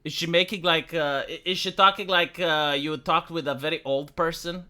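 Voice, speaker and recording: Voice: medium pitch, fairly even intonation, moderate pace, bright, forceful tone, smooth. A streamer from Romania, giving rambling, sarcastic commentary with lots of fillers. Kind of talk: casual commentary vlog.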